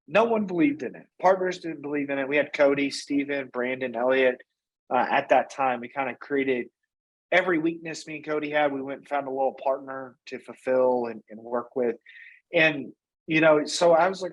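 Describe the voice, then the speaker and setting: Man, interview guest, casual energetic storytelling, average pitch, frequent "you know". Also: normal speed, highs cut off. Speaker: guest, company founder and CEO.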